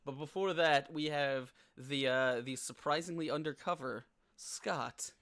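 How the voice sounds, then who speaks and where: A man's voice: a little high, unhurried, a bit bright. A man hosting a live tabletop game stream as game master, upbeat and laughing often, with frequent fillers.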